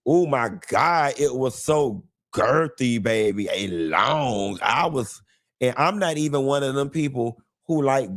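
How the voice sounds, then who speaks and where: A man hosting a live show, talking in a flamboyant, sassy way with drawn-out endearments and playful, dramatic rambling. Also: medium pitch. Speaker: host. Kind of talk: live-stream commentary.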